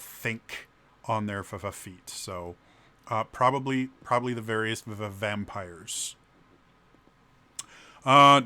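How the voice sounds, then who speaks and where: Bright-voiced man with a heavy stutter. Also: fairly low pitch. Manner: heavy stutter, repeated sounds. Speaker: game master. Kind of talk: casual answers to a video questionnaire.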